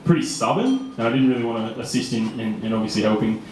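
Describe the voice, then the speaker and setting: A man's voice: medium pitch, quick pace, darkish tone, faint music behind. A young man in his twenties with an Australian accent, telling a personal story live on stage in a casual, chatty way with frequent laughs and fillers. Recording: echoey room.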